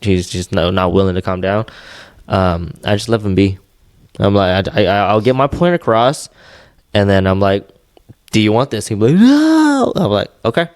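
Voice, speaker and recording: Young man, podcast co-host, casual rambling chat, smooth resonant voice. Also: low-pitched, moderate pace, dry recording, clean studio sound. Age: young adult. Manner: rambling with many fillers and restarts.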